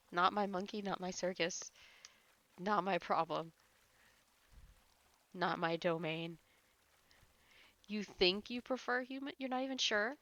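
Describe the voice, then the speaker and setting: A woman's voice: medium pitch, a bit bright. A woman livestreamer chatting casually with her chat, teasing and swearing while she rambles.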